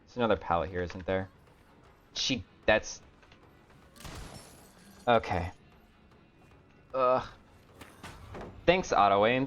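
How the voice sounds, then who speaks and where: A man streaming a game, talking to himself in a low-energy, grumbling way and swearing often. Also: slow pace, pauses often, soft background music. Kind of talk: casual gameplay commentary. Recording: dull lo-fi stream audio.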